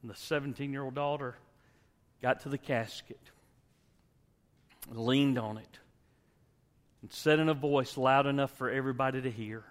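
A male pastor preaching a sermon and leading a closing prayer, emphatic, swinging from loud exhortation to hushed tones. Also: mid-range voice, fairly even intonation, moderate pace, pauses often. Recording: long hall reverb.

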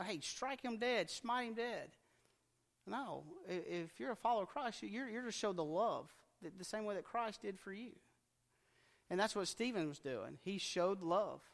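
A man's voice: sits high, gravelly, in a large hall. A man preaching a conversational sermon in a folksy manner, acting out what people in the scripture might say. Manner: folksy, acts out quoted speech in plain voice.

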